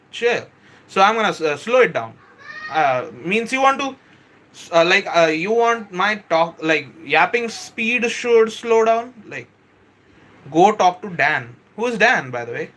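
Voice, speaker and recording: Guy on a live stream, high bright voice, talks slow and keeps restarting, reads out chat. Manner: chatty, reads viewer comments aloud, says "bro" and "kindly" often; self-correcting, hesitant restarts. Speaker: livestream host explaining software models. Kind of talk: casual live-stream teaching.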